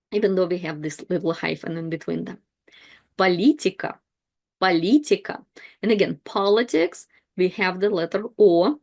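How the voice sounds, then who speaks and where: A woman teaching pronunciation, saying each word twice slowly and clearly before explaining it in plain words. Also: mid-range voice, darkish tone. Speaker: language teacher. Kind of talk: slow pronunciation lesson.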